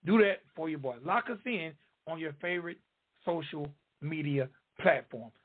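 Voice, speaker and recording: A man's voice: a little high, animated, normal speed, breathy edge, phone-quality sound. A man with a Southern drawl hosting a radio interview show, talking in emphatic, repetitive promo patter. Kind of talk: hyped-up podcast interview hosting.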